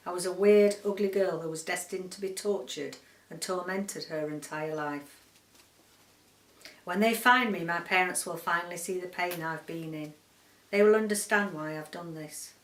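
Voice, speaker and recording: A woman book vlogger from the UK reading a short story aloud in a quiet, measured, subdued way. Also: on the low side, far from the mic. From United Kingdom. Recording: roomy echo, voice set back from the mic.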